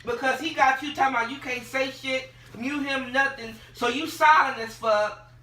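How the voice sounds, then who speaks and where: A partner chiming in from off camera, grumbling and swearing about being left in the dark. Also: sits high, fairly even intonation, moderate pace, roomy sound, recorded from a distance, a little hiss or hum, rough recording. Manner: profane, grumbling complaints.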